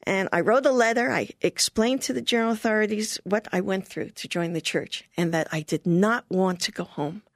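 An older woman being interviewed, telling a personal story in a lively way and often laughing. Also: mid-range voice, moderate pace, hardly any pauses, dry recording, studio quality.

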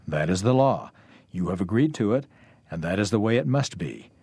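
A man's voice: lowish voice, expressive, normal speed, darkish tone, slightly rough, no room sound. A man voicing a stern male creditor who insists on justice, read out firmly and plainly.

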